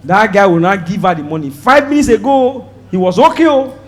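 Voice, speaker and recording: A man with a Nigerian accent doing a stand-up comedy set, loud and animated, acting out voices and shouting his punchlines. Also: sits high, a little fast. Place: stage before a live audience.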